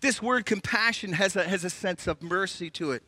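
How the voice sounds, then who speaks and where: A man's voice: high-pitched, moderate pace, dry recording, big-room sound. A middle-aged man preaching a sermon as pastor, telling stories and acting out the voices of people in them. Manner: animated storytelling, acts out voices.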